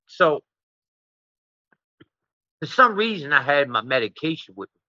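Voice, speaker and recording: Man, interview guest, profane rambling storyteller, tense bright voice, dry slightly muffled audio. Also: on the high side, big pitch swings, unhurried, no room sound. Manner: profane, rambling, tags lines with "right?".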